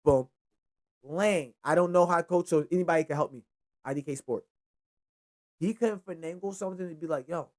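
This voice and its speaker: A young man hosting a casual solo football recap, rambling and excitable, with frequent profanity. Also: fairly high pitch, brisk, pauses often. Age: young adult. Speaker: sports show host.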